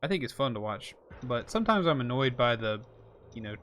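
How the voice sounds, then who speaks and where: A man's voice: mid-range voice, big pitch swings, brisk, a bit bright. A man from rural South Carolina chatting with his viewers while streaming a video game. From rural South Carolina, USA. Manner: chatty, reads out and answers chat. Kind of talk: live game streaming commentary.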